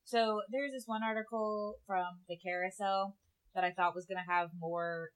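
A woman's voice: mid-range voice, steady tone, moderate pace, rough recording. A young woman in her twenties co-hosting a podcast, chatting casually and explaining things with lots of examples and "like". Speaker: podcast co-host. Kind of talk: casual chat.

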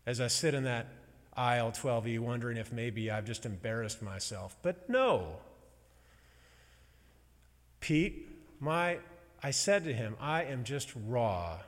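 Guy preaching a heartfelt sermon, halting and emotional, middle pitch, long hall echo. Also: animated. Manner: slow, halting, emotional storytelling with pauses. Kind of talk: personal sermon to a congregation.

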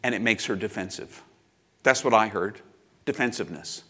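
A man's voice: on the low side, normal speed, a bit bright. A man in his fifties preaching a sermon as pastor, reflective and confessional, with personal asides.

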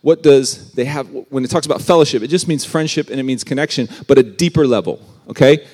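A man giving a casual youth sermon, conversational and animated with everyday slang. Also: mid-range voice, fast talker. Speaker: youth pastor.

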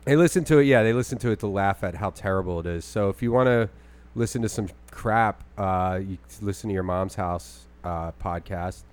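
A young man co-hosting a podcast, chatting casually in a rambling, animated way. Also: moderate pace, smooth. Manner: rambling, animated, mimics his grandma in a high voice. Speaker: podcast co-host and stand-up comic.

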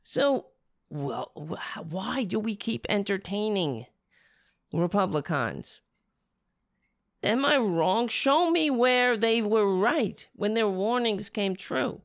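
Hoarse woman hosting a show, sarcastic and lively in pitch, slow delivery, dry close sound. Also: dry recording. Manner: sarcastic, animated, rambling. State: losing her voice, hoarse. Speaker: political talk show host. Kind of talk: casual opinion commentary.

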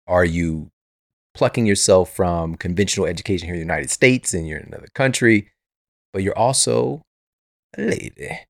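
Man, podcast host, low voice, dry close sound, chatty rambling questions. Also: moderate pace, vocal fry, no echo. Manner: eager, rambling questions with many fillers. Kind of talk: casual interview chat.

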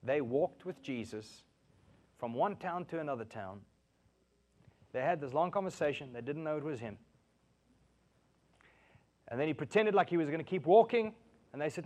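A man preaching a sermon in an animated way, acting out quotes and laughing often. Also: a little high, moderate pace, long pauses. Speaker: pastor.

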